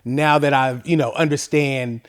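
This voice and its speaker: A man hosting a podcast, chatting in a relaxed, friendly way and using casual slang. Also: mid-range voice, a little slow, no echo, clean studio sound. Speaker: podcast host. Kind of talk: casual interview chat.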